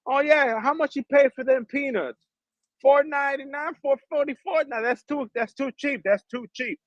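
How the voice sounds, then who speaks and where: A man putting on a high, mocking voice for a greedy male shopkeeper who scoffs at low prices. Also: moderate pace, no echo, dull audio. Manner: sing-song, mocking.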